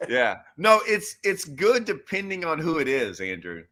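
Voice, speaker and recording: A man hosting a laid-back chat, with a sharp, forceful voice pitched a bit high. He jokes loosely and retells his own side of the story in quoted lines. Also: huge pitch swings, unhurried. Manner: loose, joking, quotes himself in stories. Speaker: host and pro angler. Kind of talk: casual chat.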